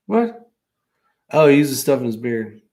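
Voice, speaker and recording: A man's voice: medium pitch, big pitch swings, measured pace, darkish tone. Joking mid-voiced man. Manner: joking, teasing. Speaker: podcast co-host. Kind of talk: casual chat.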